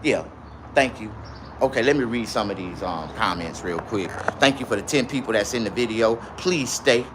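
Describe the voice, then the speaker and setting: A man's voice: on the low side, animated, normal speed, background noise. A man rambling through a profane livestream monologue and reading viewer comments. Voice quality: profane, rambling, swings to loud outbursts.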